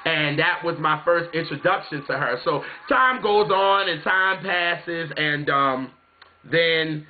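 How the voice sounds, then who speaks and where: A man's voice: fairly high pitch, takes it slowly, slight background noise. A man from South Carolina telling a story casually to his viewers, chatty and rambling, often saying "you know what I'm saying". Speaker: music vlogger. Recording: tinny phone-like sound.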